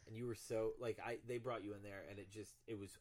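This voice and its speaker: Low-voiced man telling a story with profanity. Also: steady tone, fast, a little mellow. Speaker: podcast co-host. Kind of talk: casual storytelling chat.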